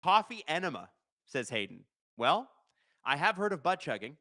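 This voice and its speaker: A man in his thirties hosts a live stream in casual, joking chat. His voice sits a little high and rings bright and forceful. He reads viewer comments aloud and slips into quick play-by-play of the game. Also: sing-song, no echo. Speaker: host of a live watch-along stream.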